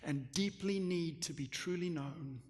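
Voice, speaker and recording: A male pastor preaching a sermon, impassioned, moving from loud emphasis down to a hush. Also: fairly high pitch, unhurried. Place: church. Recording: long church hall reverb.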